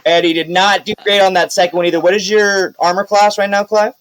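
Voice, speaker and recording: A man narrating a tabletop game as game master, casual and lively. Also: high-pitched, brisk, dry recording, poor audio.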